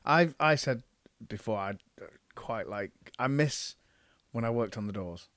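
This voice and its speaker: A man's voice: medium pitch, lively intonation, a little slow, fairly bright tone, no echo. A man in his forties hosting a casual podcast chat, blunt and sweary with banter. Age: 40s. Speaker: podcast host. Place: small room.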